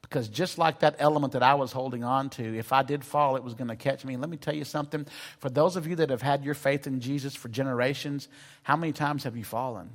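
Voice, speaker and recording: A man's voice: medium pitch, fast. A man preaching a sermon as a pastor, telling a personal story with self-deprecating humor before turning to scripture. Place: church sanctuary. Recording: long reverb of a large hall.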